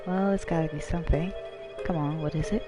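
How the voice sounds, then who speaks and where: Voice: medium pitch, fairly even intonation, a little fast, loud music behind the voice, natural voice. A gamer reading the lines of a curt, impatient male freelance writer in their own voice. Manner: brusque and snappy.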